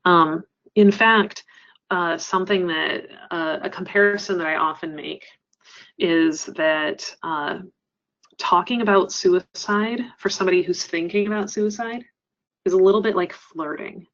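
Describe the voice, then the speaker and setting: Woman giving a webinar talk, kinda low voice, lots of ums, muffled audio. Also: measured pace, a bit bright. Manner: earnest, explanatory, frequent ums. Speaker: crisis center trainer. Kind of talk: webinar presentation.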